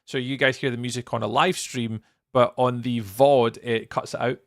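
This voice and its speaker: A man's voice: mid-range voice, steady tone, normal speed. A Scottish man chatting casually with viewers on a live stream while he builds in a game, greeting people by name and laughing often. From Scotland.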